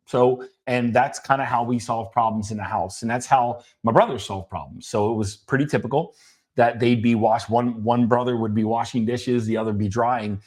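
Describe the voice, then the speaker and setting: Halting, emotional middle-aged man storyteller. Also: mid-range voice. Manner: halting, many restarts, emotional at times. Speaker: podcast co-host. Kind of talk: personal storytelling conversation.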